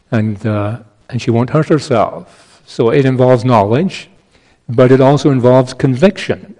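A man preaching an expository sermon in a measured, emphatic way, with small restarts. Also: medium pitch, dark tone, rough recording.

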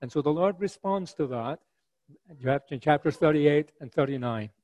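A man preaching an expository sermon, earnest and rhetorical, paraphrasing scripture in a lively voice. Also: fairly high pitch, normal speed, no room sound, lo-fi sound.

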